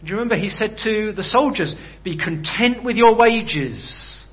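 A man's voice: high-pitched, expressive, normal speed, lo-fi sound. A man preaching a sermon in a conversational way, often putting rhetorical questions to his listeners.

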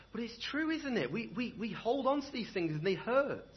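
A young man preaching a sermon in a church, conversational and animated, often asking the room rhetorical questions. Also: very high voice, normal speed, husky, dull audio. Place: church hall.

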